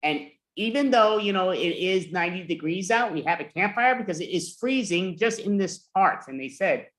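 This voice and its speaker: A man telling spooky campfire rumors in an improv comedy scene over a video call, animated and mock-scared. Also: high voice, normal speed. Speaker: improv performer.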